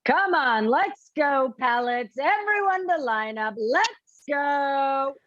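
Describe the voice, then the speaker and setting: A woman reading the part of a calm, unreadable female prison officer in an amateur live script reading over a video call, with a flat, undramatic delivery. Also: medium pitch, unhurried, no room sound, dull audio, natural voice. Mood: level. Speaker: script reader.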